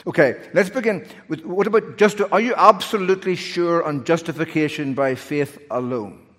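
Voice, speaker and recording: A man's voice: fairly high pitch, normal speed, a bit bright, voice pushed up. Officious supervisor angel guy, as a preacher does him, formal clerk questions, lots of hall echo. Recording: long hall reverb.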